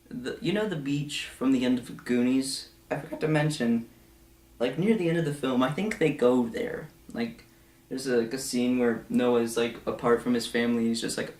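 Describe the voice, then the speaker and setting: A young man giving a casual, rambling film review full of fillers and asides, now and then slipping into quick mocking voices. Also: mid-range voice, a little mellow. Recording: echoey room.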